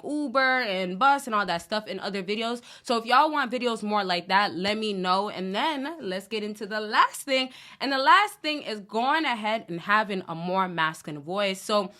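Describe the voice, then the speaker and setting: A woman's voice: medium pitch, sharp tone. A young woman vlogging dating advice in a casual, direct way, talking straight to the men watching. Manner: chatty, direct, addresses viewers as fellas and y'all.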